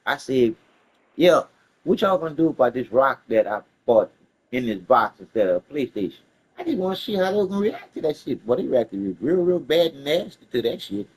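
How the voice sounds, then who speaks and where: A man telling a story casually, animated and profane, laughing along the way. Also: medium pitch, a little hiss or hum, rough recording.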